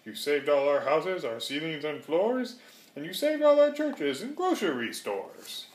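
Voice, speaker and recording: A tiny, polite mayor, as a man puts him on, piping high and earnest as he speaks up from his speck of a town. His voice swoops up and down with a lively lilt, and it rings in a roomy, echoing space. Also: a little slow. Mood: grateful. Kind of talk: storybook read-aloud. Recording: roomy echo.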